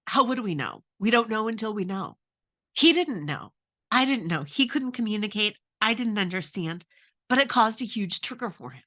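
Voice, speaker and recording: A woman's voice: a little high, bright, forceful tone. Earnest woman coach, middle-aged. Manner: earnest, asks many questions. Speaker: relationship coach. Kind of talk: advice talk with personal story.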